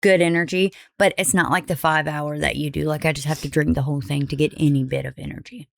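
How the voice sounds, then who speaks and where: A young woman co-hosting a podcast in casual chat, easygoing and quick to laugh, with some casual swearing. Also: deep voice, steady tone, creaky, dry recording, studio quality. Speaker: podcast co-host.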